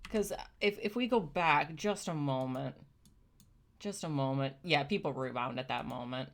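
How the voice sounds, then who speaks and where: A woman's voice: low-pitched, normal speed. A young woman streamer giving casual, emotional commentary, thoughtful and gushing by turns. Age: young adult. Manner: emotional, gushing, often near tears; thoughtful, explaining in plain terms. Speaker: streamer reacting to chimp videos.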